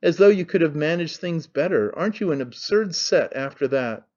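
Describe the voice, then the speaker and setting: A man's voice: a little high, expressive, moderate pace, darkish tone, muffled recording, natural voice. A man voicing a brash young man who mocks his father in an offhand, needling way. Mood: scornful. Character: young man, mocking, cynical, brash son.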